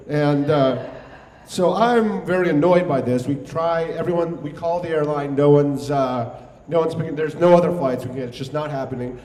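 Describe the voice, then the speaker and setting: This recording, made in an echoey hall, features a young New York man doing live comedic storytelling on stage. He speaks briskly in a fairly high voice with a dark tone, wry and conversational, cursing freely.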